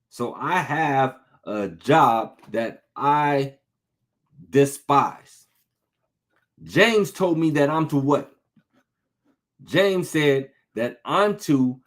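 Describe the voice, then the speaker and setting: A man preaching an informal sermon, talking conversationally, repeating phrases for emphasis and asking rhetorical questions. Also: on the high side.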